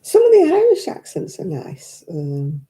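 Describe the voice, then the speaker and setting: Mellow-voiced woman chatting. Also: fairly low pitch, wildly swooping pitch, unhurried. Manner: chatty and rambling, laughs often. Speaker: craft live-stream host. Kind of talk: casual chat while knitting, reading viewer comments. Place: living room at home. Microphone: desk microphone.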